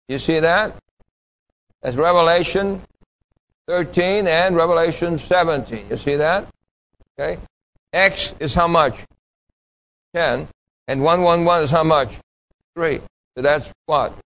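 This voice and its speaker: A man's voice: on the high side, fairly bright tone, low-quality recording. A man preaching a sermon with an emphatic, pointed delivery, asking the congregation questions and answering them himself. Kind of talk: sermon with call-and-response.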